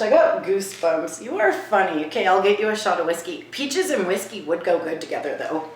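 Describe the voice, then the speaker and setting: A woman vlogging in her home kitchen. She asks a spirit hushed questions and turns to viewers with excited asides. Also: lowish voice, brisk, few pauses, echoey room, poor audio. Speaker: vlogger host. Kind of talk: casual paranormal vlog.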